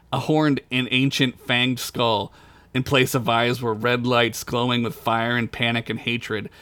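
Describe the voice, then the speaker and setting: A man's voice: mid-range voice, fairly bright tone. A man narrating a tabletop story as game master in a crude comedic style, breaking into laughter at his own jokes.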